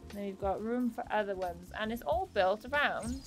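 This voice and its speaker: Over soft background music, a young woman with an animated, mid-range voice talks at normal speed while playing a game on stream. She thanks viewers individually by name and laughs whenever she gets confused.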